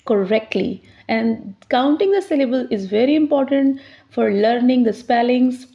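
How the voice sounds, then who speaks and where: A woman teaching English pronunciation, explaining step by step and slowly sounding out each word. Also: on the high side, warm tone. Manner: slows down to sound out words clearly. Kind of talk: slow, deliberate teaching explanation. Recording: slightly dull, lo-fi sound.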